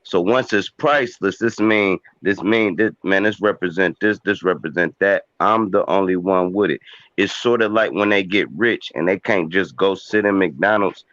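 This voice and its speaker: A man with a very deep voice argues his points emphatically in casual podcast chat. His sound is dry and close, with dull lo-fi audio. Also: moderate pace, a bit bright, no room sound. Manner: emphatic, builds arguments with examples.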